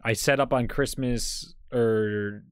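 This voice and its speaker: A man co-hosting a podcast, telling a long story in a rambling, animated way. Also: mid-range voice, slow, clean tone, no echo, studio quality. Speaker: podcast co-host. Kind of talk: casual chat, storytelling.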